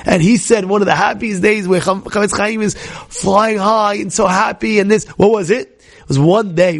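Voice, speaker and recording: A middle-aged man, a rabbi, giving an animated Torah talk full of stories, restarts and shouted outbursts. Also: high-pitched, gravelly, no room sound, clean studio sound.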